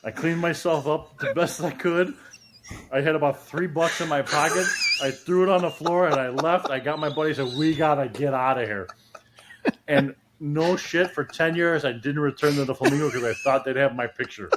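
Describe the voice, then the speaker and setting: A man's voice: fairly high pitch, normal speed, noisy background. A man in casual chat, telling a self-mocking story in a laid-back way. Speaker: podcast guest, retired police detective and village president.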